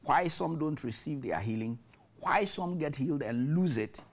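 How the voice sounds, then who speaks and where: An older Ghanaian archbishop tells stories from his ministry on a TV talk show. His voice is fairly high and swings widely, and he laughs easily and repeats words as he goes. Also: moderate pace. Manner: animated storyteller, laughs often, repeats words. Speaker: archbishop, interview guest. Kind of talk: storytelling in a TV interview, mixing English and Twi.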